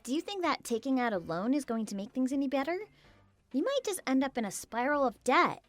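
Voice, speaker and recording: A computer-generated woman's voice, worried and pleading. It sits fairly high with animated pitch, over faint background music. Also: fairly quick. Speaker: wife and story narrator. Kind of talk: text-to-speech story voice.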